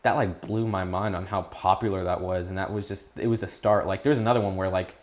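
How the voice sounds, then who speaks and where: A young man in his teens talking casually as an interview guest, rambling with restarts and perking up when excited. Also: low voice, fast. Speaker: YouTube creator, guest.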